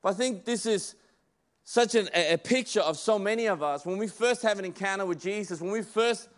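A man's voice: high-pitched, fairly quick. A man preaching a sermon in an emphatic, conversational way, often restarting his phrases.

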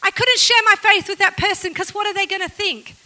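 A woman preaching a sermon to her church in a lively, self-mocking way, laughing often. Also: extremely high pitch, a little fast, rough recording.

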